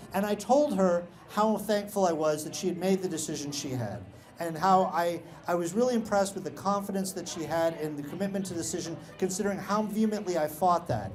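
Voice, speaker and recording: A man's voice: sits high, rough recording. A middle-aged man telling a personal story on stage, with a wry, self-deprecating sense of humor. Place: live show at a beach-bar venue.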